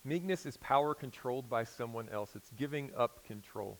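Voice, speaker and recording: An American man in his forties preaching a sermon in a conversational storytelling way, swinging between loud emphasis and quiet intensity. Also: mid-range voice, moderate pace, creaky, poor audio. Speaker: pastor.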